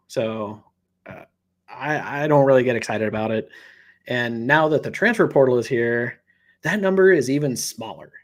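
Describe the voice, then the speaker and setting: A man co-hosting a sports podcast in casual chat, rambling with lots of "you know" fillers. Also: mid-range voice. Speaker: podcast co-host.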